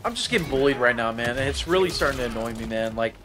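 A man's voice: medium pitch, expressive, quick pace. A man live-streaming a fighting game, talking to his chat in casual slang, cursing and calling people bro. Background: game music.

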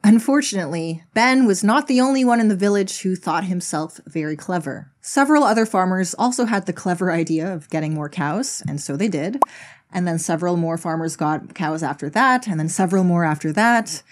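Woman explaining stuff in a video essay, kinda low voice, dry sense of humor. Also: animated, fairly quick. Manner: wry, conversational storytelling. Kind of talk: scripted explanatory narration.

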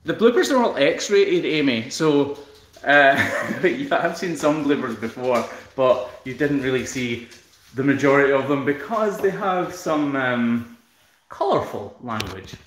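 A Scottish man chatting casually on a live stream at home, answering viewer comments with a relaxed, self-deprecating humour. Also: medium pitch, measured pace, echoey room, slight background noise. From Scotland. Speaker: hoof trimmer and channel host. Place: room in his newly built house.

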